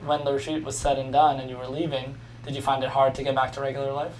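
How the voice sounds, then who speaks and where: A woman hosting a casual podcast interview, her voice sitting very low. She asks curious follow-up questions and keeps the conversation moving with frequent brief affirmations. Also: level tone, fast, a little mellow, a little hiss or hum. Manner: inquisitive, backchannels often with short affirmations. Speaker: podcast host.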